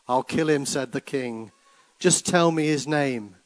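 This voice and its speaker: A man voicing an enraged king who demands to know a culprit's name, shouting his lines with vehemence. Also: mid-range voice, a little slow, no room sound, natural voice. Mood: furious. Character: furious young male king demanding justice.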